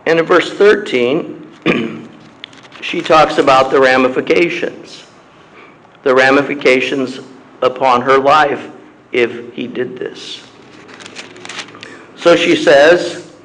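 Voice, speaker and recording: Guy preaching in church, reads scripture real slow and careful, clears his throat a lot, middle-pitched voice. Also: a bit bright, poor audio. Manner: slow, measured delivery with long pauses and frequent throat-clearing. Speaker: pastor. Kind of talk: sermon, reading scripture aloud.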